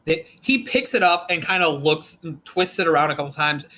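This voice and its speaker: Bright-voiced male game master, joking. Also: fairly high pitch, animated, a little fast, rough recording. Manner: loose, joking, laughs often. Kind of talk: narrating a tabletop game.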